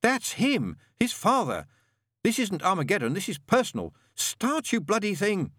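A man's voice: a little high, wildly swooping pitch, normal speed, fairly bright tone, dry recording, studio quality, voice pushed up, full character voice. A man reading aloud and voicing a cynical male demon with a sardonic, exasperated manner. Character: cool, cynical male demon, fraying under stress.

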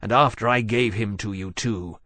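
A man's voice: on the low side, normal speed, sharp tone, dry recording, studio quality. A man voicing a large male dragon who speaks earnestly and anxiously.

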